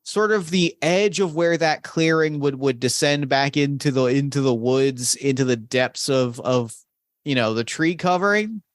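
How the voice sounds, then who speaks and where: A man running a tabletop game, describing the scene at a middling pitch in a halting, searching way. He restarts often and reaches for his words. The sound is close and dry. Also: dry recording. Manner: halting, full of restarts and fillers. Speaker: game master.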